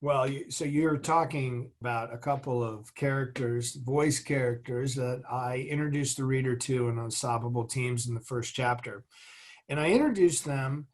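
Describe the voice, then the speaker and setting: A man's voice: medium pitch, normal speed. Earnest middle-aged man telling motivational stories. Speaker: guest, former military officer and executive. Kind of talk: interview conversation.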